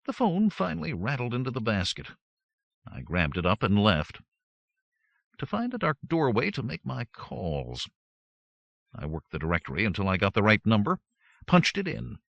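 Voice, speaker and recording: A man narrating a first-person audiobook with wry, lively storytelling on a close studio mic. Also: lowish voice, moderate pace, creaky, pauses often, no echo, dull audio.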